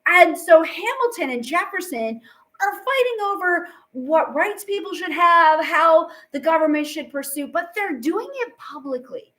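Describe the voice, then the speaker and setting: A woman's voice: very high voice, animated, a little slow, fairly bright tone. A woman teacher giving a casual, chatty history lecture, full of fillers and playful asides. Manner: chatty, acts out quotes with fillers.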